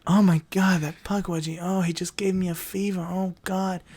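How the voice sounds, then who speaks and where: A man voicing a lovesick woman, breathy and dreamy, in a comedy podcast bit. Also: high-pitched, level tone, normal speed, pitched above the performer's own voice. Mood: swooning. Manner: soft, breathy, dreamy swooning.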